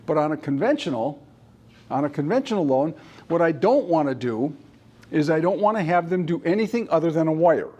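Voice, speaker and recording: Brisk storytelling mortgage lender, man. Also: a little high, animated, darkish tone. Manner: storytelling with acted-out dialogue. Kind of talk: training talk.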